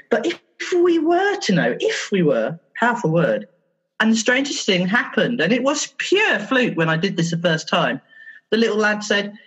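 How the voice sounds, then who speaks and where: A woman therapist talks in a podcast interview, her slightly husky voice swinging widely up and down as she tells stories. She acts out little exchanges with children along the way. The audio is a bit dull and lo-fi. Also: medium pitch, a bit bright. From England. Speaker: therapist guest.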